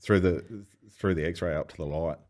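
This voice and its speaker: A man, telling swearing, animated anecdotes as a podcast guest. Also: low voice, normal speed. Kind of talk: casual storytelling chat.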